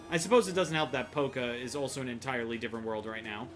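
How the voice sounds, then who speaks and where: A man's voice: mid-range voice, fast, soft background music. A man streaming a video game, chatting with viewers and joking about what he sees. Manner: jokey, chatty, greets chat. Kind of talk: casual gameplay commentary.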